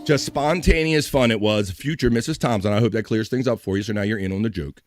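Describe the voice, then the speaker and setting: A man's voice: lowish voice, fast talker, faint music behind. A man hosting a casual live stream, chatting and joking as he reads out viewers' messages. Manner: chatty, reads chat messages aloud, jokey.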